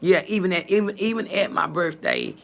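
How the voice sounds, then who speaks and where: A woman vlogger, talking bluntly to her viewers, cursing and swinging between calm and heated. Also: lowish voice, a little fast, vocal fry. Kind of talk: casual talk to viewers.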